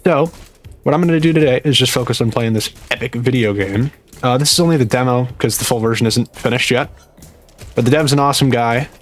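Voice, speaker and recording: A young man talking quietly through a dental retainer while playing a game at home late at night, rambling and mocking himself. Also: medium pitch, brisk, soft background music. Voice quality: slightly muffled speech from a dental retainer. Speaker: gaming YouTuber. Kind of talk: live gameplay commentary.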